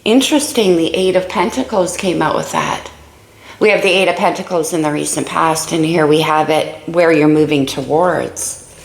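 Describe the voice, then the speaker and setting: A woman with a low, creaky voice reads tarot cards in a casual way, thinking aloud and exclaiming over each card. Her voice rings in an echoey room with a faint hiss behind it. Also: steady tone, normal speed. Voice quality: creaky morning voice. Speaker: tarot reader. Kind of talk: casual tarot reading to camera.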